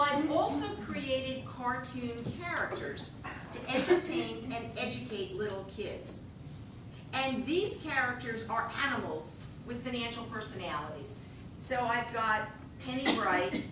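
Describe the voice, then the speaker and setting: A woman telling a comic story on stage, animated and laughing often as she talks. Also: a little slow. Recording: echoey hall, voice from a distance, rumbling noise.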